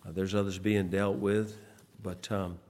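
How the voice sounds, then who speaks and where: A man, a pastor leading church service announcements in a rambling, folksy way, pausing often. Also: deep voice, flat delivery, a little mellow. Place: church sanctuary. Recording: long church hall reverb, faint noise.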